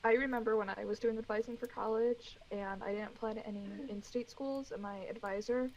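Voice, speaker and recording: A young woman co-hosting a podcast, telling animated stories and laughing often. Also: fairly high pitch, a little fast, lo-fi sound, a little hiss or hum. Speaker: podcast co-host. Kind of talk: casual storytelling chat.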